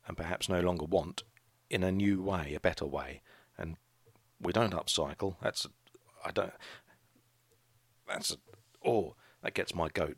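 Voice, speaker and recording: A man's voice: low voice, husky, no echo. A middle-aged man hosting a casual solo podcast, rambling and hesitant with frequent restarts. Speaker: podcast host, craft shop owner.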